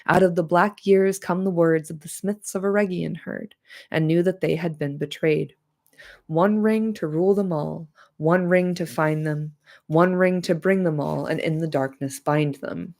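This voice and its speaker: A solemn old wizard speaks slowly and gravely , as a woman reads him aloud. The voice is a little nasal and sits on the lower side. Each word comes measured and commanding. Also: fairly even intonation, a little mellow. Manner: slow, solemn, measured reading.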